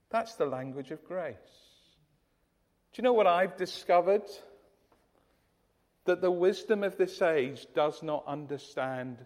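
A man's voice: fairly high pitch, long reverb tail. A man from the UK preaching a sermon in an earnest, emphatic way, often restarting his phrases. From United Kingdom.

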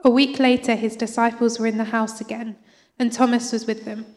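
A woman reading a Bible passage aloud in church, steady and even. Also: on the high side, fairly quick. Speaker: Bible reader. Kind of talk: scripture reading. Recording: church hall reverb.

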